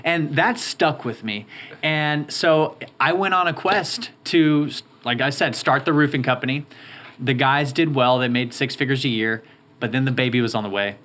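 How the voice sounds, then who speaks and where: A man's voice: medium pitch, moderate pace, a bit bright. A man in his thirties, a guest in an interview, telling his story in an upbeat, eager way. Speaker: guest, roofing company owner. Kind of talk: interview conversation.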